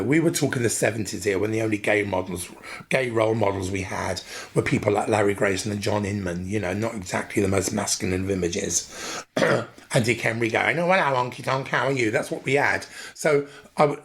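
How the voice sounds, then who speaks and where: A man, a drag performer, telling animated, camp stories as a guest on a podcast. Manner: animated, camp, mimics his mother in a high voice. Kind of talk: casual interview storytelling.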